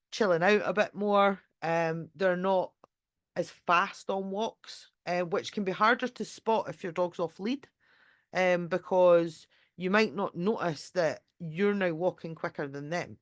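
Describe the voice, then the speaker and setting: A woman with a fairly low voice gives a casual live online talk as a dog trainer, recorded dry and at studio quality on a computer mic while screen-sharing. She rambles chattily with lots of fillers and restarts, swears casually, and now and then acts out what a dog might be thinking.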